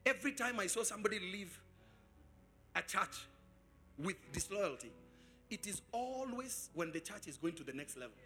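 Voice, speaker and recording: A man preaching a sermon as pastor, asking the congregation questions and swelling into sung shouts. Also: high voice, lively intonation, normal speed, long pauses, soft background music. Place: church service.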